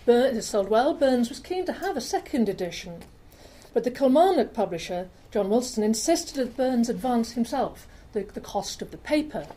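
A woman giving a public lecture with slides, chatty, with fillers and quick self-corrections, in a lecture room. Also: on the high side, animated, dark tone, slight background noise, rough recording. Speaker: lecturer on rare books.

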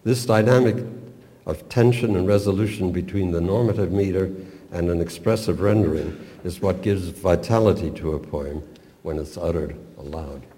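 A man lecturing on expressive poetry reading, with measured, deliberate and precise academic diction. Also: low-pitched, in a large hall.

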